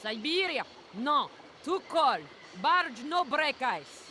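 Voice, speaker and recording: A woman's voice: high-pitched, very animated, slow, sharp tone, slight background noise, exaggerated voice. An actress voicing a haggling barge-owner woman in a video game, speaking blunt, broken English with a Russian accent. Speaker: game character.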